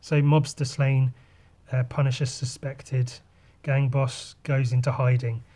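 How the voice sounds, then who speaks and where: A man's voice: medium pitch, flat delivery, a little slow, dark tone. Rambling, sweary podcast host guy. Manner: loose, sweary and rambling, with sighs and asides. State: voice a bit rough today. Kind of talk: casual comic walkthrough.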